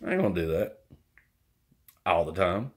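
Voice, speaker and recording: A middle-aged man vlogging in a rambling, folksy, self-mocking monologue, using country slang and jumping into squeaky, whiny exclamations. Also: sing-song, normal speed. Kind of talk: rambling casual monologue to camera.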